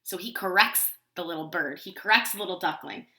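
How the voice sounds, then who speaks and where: A woman pre-K teacher reading a picture book aloud to young children, in an animated way and often asking them questions. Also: lowish voice, brisk, reverberant.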